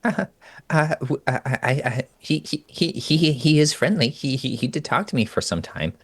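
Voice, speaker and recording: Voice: medium pitch, moderate pace, breathy edge, voice pushed up. A tabletop player voicing a timid, anxious puzzle-booth keeper who stutters and repeats words. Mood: hesitant. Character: timid stammering small puzzle-booth keeper named Rote. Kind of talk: playing a character in a tabletop game.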